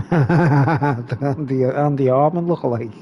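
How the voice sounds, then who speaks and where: A man's voice: medium pitch, slow pace, dull audio, slight background noise. A man hosting a live stream, rambling casually and reading comments aloud.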